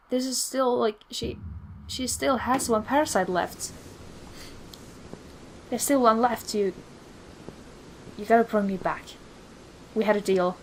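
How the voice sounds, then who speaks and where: A woman's voice: on the high side, a little hiss or hum, low-quality recording. A woman doing let's play commentary, reacting emotionally and swearing at the game. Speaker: gamer. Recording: commentary over game music.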